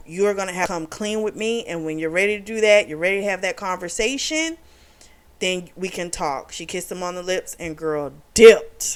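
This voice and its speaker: A woman's voice: lowish voice, fairly bright tone. Woman chatting about a book she loved, retelling scenes, plays the lines out as she goes. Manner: chatty retelling, acts out quotes with "she's like". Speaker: book reviewer. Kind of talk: casual book review chat.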